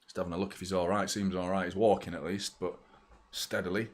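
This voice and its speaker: Excitable sweary football fan. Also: male voice, low voice, fast. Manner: chatty with viewers' messages. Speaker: football watchalong host. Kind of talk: live match watchalong commentary.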